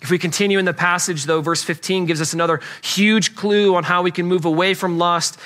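Man, pastor, sermon, high voice, earnest, repeats key phrases. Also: fairly even intonation, a little fast, fairly bright tone.

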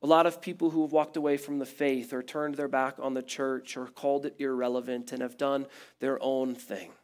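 A man preaching a sermon as pastor, building emphatic repeated phrases and then dropping to a quiet, low close. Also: little pitch movement, moderate pace.

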